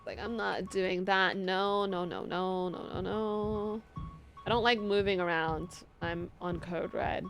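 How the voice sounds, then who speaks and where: A woman's voice: mid-range voice, steady tone, slow pace, faint music behind. A young woman streamer commentating a horror game live, easily startled, swearing and talking to chat. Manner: jumpy, swears, talks to chat.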